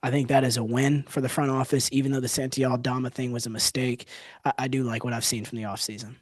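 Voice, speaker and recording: A young man hosting a casual sports podcast, giving animated, quick analysis of trades. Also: mid-range voice, no echo, studio quality. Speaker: podcast host.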